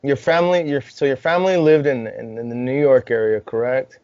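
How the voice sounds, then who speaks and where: A man's voice: mid-range voice, fairly quick, dry recording. Laid-back swearing male podcast host. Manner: relaxed, swears freely, laughs often. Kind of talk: casual interview chat. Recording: dry dull lo-fi podcast audio.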